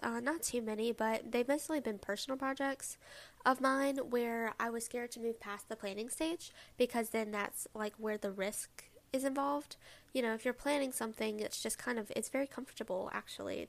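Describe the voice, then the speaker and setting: Chatty young woman with a gravelly edge. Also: fairly high pitch, a bit bright. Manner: chatty and rambling, with many fillers and asides. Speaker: podcast host. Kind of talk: casual solo podcast chat.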